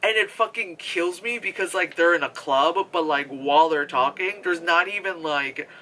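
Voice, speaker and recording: A man giving a casual movie review vlog, animated and profane, laughing and acting out characters. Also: a little high, moderate pace, a little hiss or hum.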